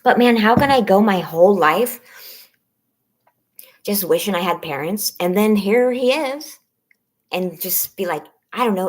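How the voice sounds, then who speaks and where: A woman in her thirties on a personal live stream, talking haltingly and shakily as she holds back tears. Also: mid-range voice. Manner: shaky, halting, close to tears. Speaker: vlogger on a members-only live stream.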